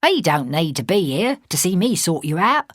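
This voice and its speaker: A woman's voice: lowish voice, big pitch swings, moderate pace, dry recording, studio quality. A woman doing a cheeky young Cockney lad. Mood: cocky. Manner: cocky, slangy, teasing.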